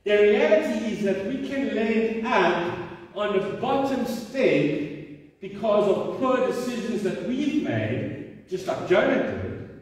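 A man's voice: sits high, a little mellow. A middle-aged male pastor preaching a sermon in a conversational way, asking the room questions and restarting his sentences. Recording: echoey hall from far off.

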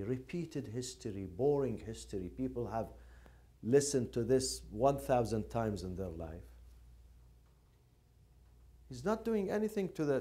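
A man delivers a religious lecture with passion. He talks at a mid-range pitch and drives his points home by repeating phrases. His tone swings between urgent and subdued. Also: dark tone. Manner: impassioned, repeats phrases for emphasis. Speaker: lecturer on Quranic studies.

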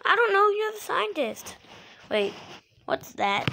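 A woman voicing several characters in an animated comedy skit with toys. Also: very high voice, takes it slowly, vocal fry. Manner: animated, switches between many character voices. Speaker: creator voicing toy characters.

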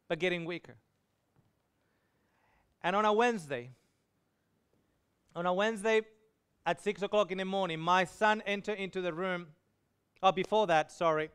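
A man preaches, telling a personal story with feeling. His voice sits high and sounds smooth and resonant. He acts out the people in the story as he goes. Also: a bit bright. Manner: emotional storytelling, voicing quoted dialogue. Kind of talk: sermon testimony.

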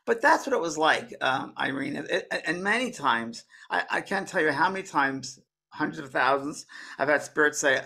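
A man's voice: a little high, expressive, moderate pace, vocal fry, sharp tone. A man who is a spiritual medium, talking casually as a guest, rambling with frequent restarts and repeated words. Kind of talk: casual conversational talk.

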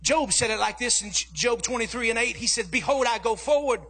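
A man preaching a sermon as pastor, telling a family story and rising to shouts. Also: very high voice, a little fast, breathy edge. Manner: animated preaching, acting out his daughter's voice, rising to shouts.

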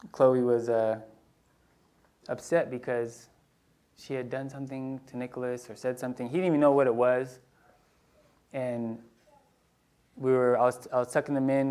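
A man's voice: medium pitch, a little mellow. Casual storytelling male pastor. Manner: casual, storytelling, many restarts and asides. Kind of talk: conversational sermon with personal stories. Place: church sanctuary.

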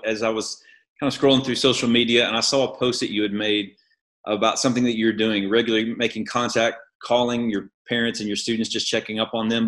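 A man interviewing a guest for a church service speaks in a warm, encouraging way. His voice sits a little low.

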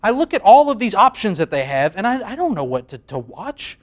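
A man's voice: high voice, very animated, brisk. A man in his thirties hosting a late-night show in a studio, rambling self-deprecatingly through a comic monologue and laughing at his own jokes. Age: 30s. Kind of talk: comedic monologue. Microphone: facing a camera.

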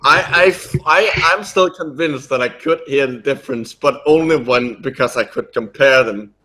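Man, mid pitch, dry and wry, podcast chat. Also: moderate pace, sharp tone, poor audio. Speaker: podcast co-host. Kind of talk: casual chat.

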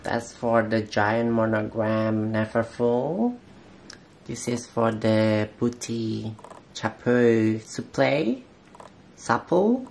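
A man with a non-native English accent, talking through an unboxing haul as a vlogger in halting, hesitant English full of fillers. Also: lowish voice, expressive, vocal fry, darkish tone. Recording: roomy echo, distant mic, faint noise.

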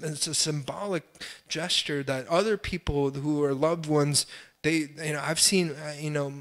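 A young adult man, a pastor, preaching a sermon with impassioned swells and pleading cries, then dropping to quiet, self-deprecating asides. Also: on the high side.

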